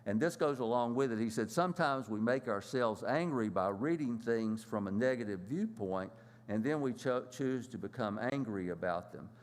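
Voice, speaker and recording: A man teaching a church lesson in a plain, halting way, with many fillers and restarts. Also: mid-range voice, lively intonation, in a large hall.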